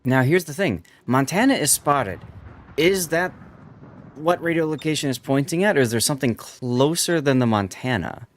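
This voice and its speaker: A man's voice: mid-range voice, animated, moderate pace. Male streamer casting a match live, unpacking the tactics for viewers. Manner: explanatory, walks viewers through tactics. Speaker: streamer and tournament commentator. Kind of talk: live game commentary.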